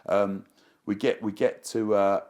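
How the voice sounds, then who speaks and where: Interview guest, man, lowish voice, excitable rambling raconteur. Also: a little slow. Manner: excitable, rambling, fond of slang. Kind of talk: animated anecdote telling.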